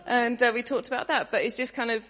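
A woman sharing a story with a church gathering, animated and laughing, acting out the voices of the people in it. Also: on the high side, quick pace. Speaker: church member sharing a testimony. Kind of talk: casual storytelling to a congregation. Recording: dull sound, long hall reverb.

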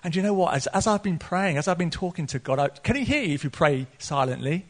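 Speaking fast, this earnest pastor keeps his sermon open and personal, breaking into frequent laughter between points. His slightly high male voice climbs sharply each time his excitement builds.

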